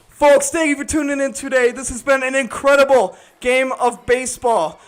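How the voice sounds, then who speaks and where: A young man calling a college baseball game live, excitable and shouting on big plays, and out of breath near the end. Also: extremely high pitch, normal speed. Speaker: play-by-play announcer.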